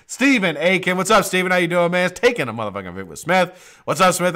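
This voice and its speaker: Animated male live-stream host. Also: quick pace. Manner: animated shout-outs to chat viewers, swears casually; laughs often, drops low and quiet when explaining. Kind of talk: casual live-stream chat.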